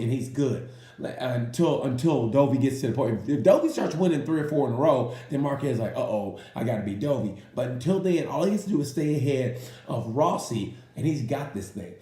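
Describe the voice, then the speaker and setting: A man's voice: fairly high pitch, mellow, reverberant. A man giving a rambling, joking review of a motorcycle race and acting out quotes in silly voices. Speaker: racing commentator. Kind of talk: casual comedic race review.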